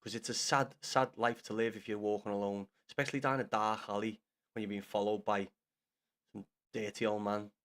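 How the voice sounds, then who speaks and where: A man's voice: lowish voice, level tone, fairly quick, fairly bright tone, a little hiss or hum. Swearing man streamer. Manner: banter-heavy, swears often, repeats himself, calls viewers lad and mate. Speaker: streamer reading chat. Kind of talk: casual live-stream chat with viewers.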